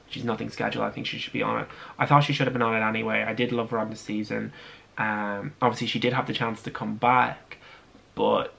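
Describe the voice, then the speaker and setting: A man's voice: lowish voice, creaky, a bit bright. A young Irish man chatting casually to camera, gossipy and loose, with plenty of ums and restarts. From Ireland. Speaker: vlogger. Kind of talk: casual chat.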